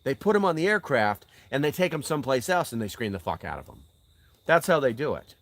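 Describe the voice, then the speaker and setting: Older man, plain middle-pitched voice, blunt and profane host, live-chat rambling, dry close sound. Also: very animated, fairly quick, fairly bright tone, dry recording. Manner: blunt and profane, with emphatic rhetorical questions. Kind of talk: casual live-stream chat. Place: outdoors beside a fire.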